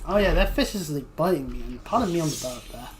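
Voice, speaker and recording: A woman's voice: low voice, animated, fast, music in the background. A woman livestreaming a game, rambling casually with joking asides to herself while she plays. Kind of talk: casual gameplay commentary.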